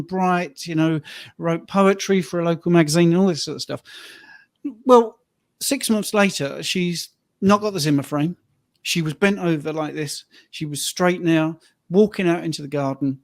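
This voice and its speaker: A man hosting a casual podcast chat and telling stories, lively when quoting people. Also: fairly high pitch, dry recording. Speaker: host and fitness coach. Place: his own training and rehab room.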